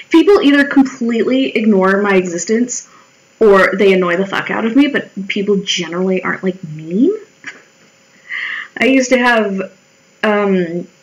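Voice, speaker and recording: A woman's voice: medium pitch, fairly bright tone, poor audio. A woman in her twenties chatting casually and wryly while she draws, swearing freely and acting out her own remarks in quoted voices. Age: 20s. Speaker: vlogger. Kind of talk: casual storytelling while drawing.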